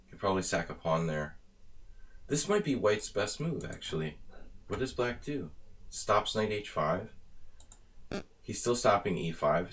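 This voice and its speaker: A man's voice: deep voice, fairly bright tone. An American man from near Philadelphia, streaming live blitz chess commentary, thinking aloud about moves with wry asides. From near Philadelphia, USA.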